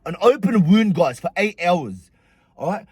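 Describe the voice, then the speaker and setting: Husky, high-voiced young man telling a story. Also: a little slow, no echo. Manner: animated, profane, slangy storytelling. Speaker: vlogger. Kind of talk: storytime vlog.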